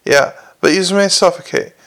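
A man voicing Wee Mad Arthur, gruff gnome. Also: sits high, normal speed, fairly bright tone, voice pushed up. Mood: blunt. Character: tiny fierce male gnome, crude and mercenary.

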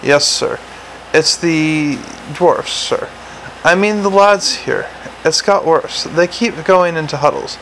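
A man puts on a slow, stolid older sergeant who speaks earnestly in plain working-class slang for an audiobook. The voice rises higher than the narration and keeps a gravelly texture. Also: a bit bright, slight background noise, low-quality recording. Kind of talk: audiobook character reading.

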